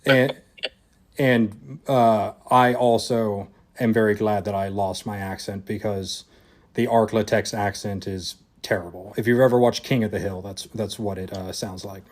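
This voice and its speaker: A man's voice: on the low side, steady tone, a little slow. A man from Louisiana hosting a podcast interview, speaking hesitantly with frequent restarts. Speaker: podcast host. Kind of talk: casual interview chat.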